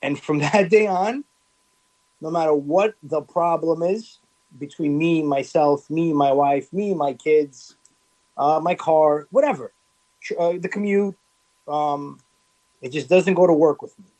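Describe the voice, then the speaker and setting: A man's voice: on the high side, a little slow, a little mellow, rough recording. A middle-aged man telling stories as a guest on a casual interview show, repeating phrases for emphasis and often restarting his sentences. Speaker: food business owner, guest.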